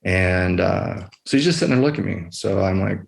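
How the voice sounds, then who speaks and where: A middle-aged man, an emergency physician, telling a personal story as a podcast guest in a quiet, measured way with many pauses. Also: low-pitched, expressive, creaky.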